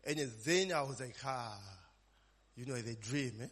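A man's voice: medium pitch, expressive, a little slow, a bit bright. A man preaching an informal sermon, conversational, tagging his lines with "eh?" and "amen?" and asking the congregation questions. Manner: conversational, frequent "eh?" and "amen?" tags, call-and-response questions. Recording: long reverb.

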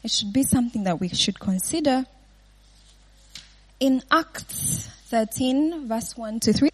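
A woman's voice: fairly high pitch, animated, unhurried, breathy edge. A woman giving an informal Bible teaching, often laughing and checking in with her listeners with "yeah?" and "right?".

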